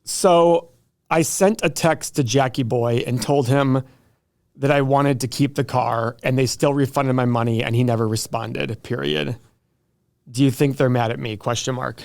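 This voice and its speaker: A man's voice: medium pitch, moderate pace, gravelly. A man co-hosting a money podcast in casual chat, telling a story with lots of acted-out quotes. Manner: animated storytelling, acting out quoted calls. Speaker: podcast co-host.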